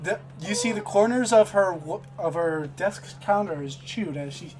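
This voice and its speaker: A woman's voice: mid-range voice, normal speed, music in the background. A woman narrating a tabletop game as game master, teasing her players between scene descriptions.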